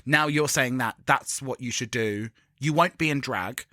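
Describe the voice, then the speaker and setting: A man co-hosting a podcast, talking casually in an animated, giggly way and swearing freely. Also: medium pitch, measured pace, no echo, studio quality. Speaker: podcast co-host. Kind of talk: casual chat.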